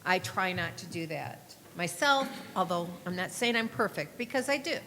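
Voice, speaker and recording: A woman speaking as a city council member in a formal meeting, measured and hesitant, with restarts. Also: lowish voice, animated, a bit bright. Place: council chamber. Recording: reverberant council chamber, faint room noise.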